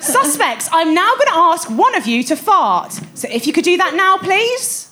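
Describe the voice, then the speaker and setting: A woman's voice: extremely high pitch, big pitch swings, moderate pace, bright, forceful tone. A woman reading a comedy sketch as a playful game-show host, with a live audience. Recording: live audience laughter behind.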